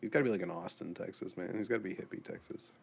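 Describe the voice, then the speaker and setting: Laid-back male podcast co-host, deep gravelly voice, easygoing banter. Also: racing, slight background noise. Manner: laid-back, many fillers. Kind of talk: casual chat.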